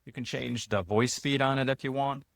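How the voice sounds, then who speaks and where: A man hosting his own channel, walking viewers through an app in a relaxed, chatty way, loose with fillers and restarts. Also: medium pitch, normal speed, creaky, over a noisy crowd. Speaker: host and app founder. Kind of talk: casual screen-share walkthrough.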